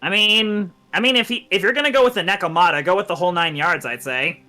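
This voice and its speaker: A man's voice: high voice, fast talker, pushed and bright, soft background music. A man joining a casual stream, bantering playfully and cracking puns. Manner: playful, punning.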